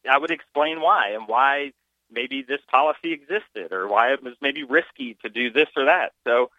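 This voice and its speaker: A man calling in to a radio show, telling a story haltingly with many fillers. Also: mid-range voice, no room sound. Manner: halting, lots of uh and you know. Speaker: caller. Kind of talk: phone-in chat. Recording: muffled phone-in audio.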